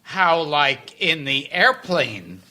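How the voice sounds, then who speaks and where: Guy with a high piercing voice, slow drawl, firing off crude jokey questions. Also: very animated, pushed and bright. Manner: blunt, crude heckling questions. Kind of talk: crude comic banter.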